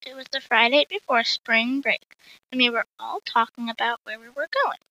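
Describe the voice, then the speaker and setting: Bright-voiced woman reading her own story. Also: fairly high pitch, steady tone, normal speed, dry recording, poor audio. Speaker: story reader.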